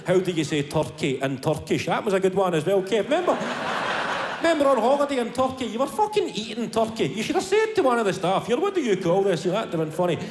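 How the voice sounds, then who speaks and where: A man doing a shouting, hyped phone buddy. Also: fast talker. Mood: matey. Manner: shouting, high-pitched, excitable. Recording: live comedy hall, crowd laughter.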